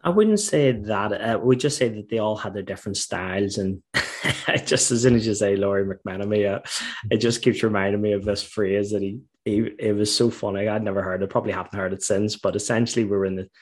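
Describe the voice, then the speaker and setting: A man's voice: fairly low pitch, fairly quick. A middle-aged man from Northern Ireland, a former footballer, telling stories in a casual interview and often laughing as he recalls them. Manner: animated storytelling, laughs while recalling.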